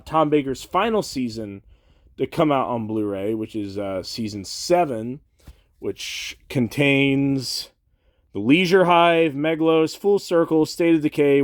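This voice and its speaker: A man's voice: medium pitch, measured pace, dry recording, clean studio sound. A man with a cold and a congested, nasal voice, rambling casually and a little hesitantly to the camera indoors. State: has a cold. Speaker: collector vlogger. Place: indoors beside a shelf.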